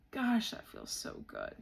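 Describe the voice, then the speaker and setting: Young woman vlogger, mid pitch, gravelly fry, earnest and emotional. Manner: emotional, heartfelt, says "like" a lot. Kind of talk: reflective casual chat.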